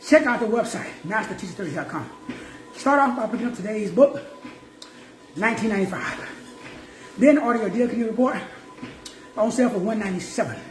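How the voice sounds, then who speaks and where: A man's voice: high-pitched, expressive, fast, long pauses. A man giving a preachy motivational talk as a self-help teacher, emphatic and repetitive with slang. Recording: roomy echo, faint music.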